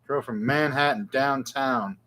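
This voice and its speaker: A man's voice: medium pitch, measured pace, background noise. Chatty, rambling New man. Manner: rambling, chatty, self-deprecating. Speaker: guitar shop show host. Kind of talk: casual live Q&A chat.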